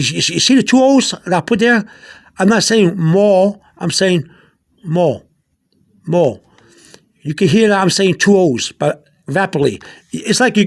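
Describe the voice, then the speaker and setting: A man giving an informal language lesson, halting and repeating himself, spelling out letters and explaining slowly with many fillers. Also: high-pitched. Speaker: language teacher.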